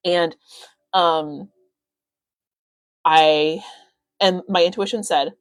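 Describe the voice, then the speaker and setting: Chatty young woman, low dry voice. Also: slow, long pauses, dry recording. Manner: rambling, many fillers, excitable. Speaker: coach hosting a live stream. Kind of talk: casual live-stream talk.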